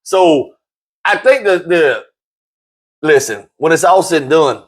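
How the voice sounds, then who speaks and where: A man hosting a casual sports talk show, animated and jokey, repeating himself and jumping up high when excited. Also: slow.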